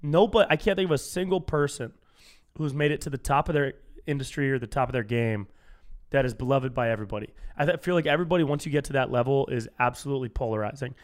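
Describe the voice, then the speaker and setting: A young man from California hosting a solo comedy podcast, telling casual stories and acting out strangers he quotes. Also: quick pace. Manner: animated storytelling, acts out quoted strangers in higher voice.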